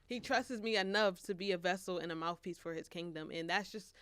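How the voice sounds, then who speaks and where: A twenty-one-year-old woman, a college senior and author, talks earnestly and reflectively in a casual faith-centered interview, often restarting and laughing. Her voice is on the low side, smooth and fairly bright, moving fairly quickly. The recording is dry with clean studio sound.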